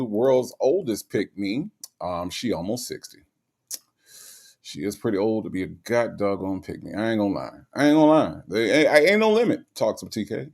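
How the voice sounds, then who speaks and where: A man hosting a casual livestream, reading viewers' chat messages aloud and ranting, often profane. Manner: animated, swings high in pitch when ranting, profane; reads chat comments aloud and greets viewers.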